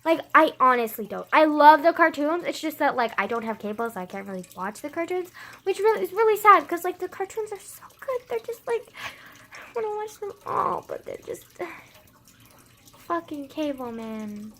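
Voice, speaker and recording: A woman's voice: high-pitched, sing-song, normal speed, fairly bright tone, a little hiss or hum. A young woman vlogging casually, rambling with lots of fillers and frequent swearing, self-deprecating.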